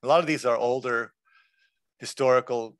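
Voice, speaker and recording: A man presenting a workshop lecture in a relaxed, conversational way, explaining terms with examples. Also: mid-range voice, normal speed, no room sound.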